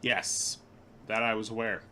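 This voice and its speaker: A man's voice: fairly low pitch, flat delivery, a little slow, sharp tone, slight background noise. A man streaming a card game, commenting casually and cracking dry, teasing jokes with a friend.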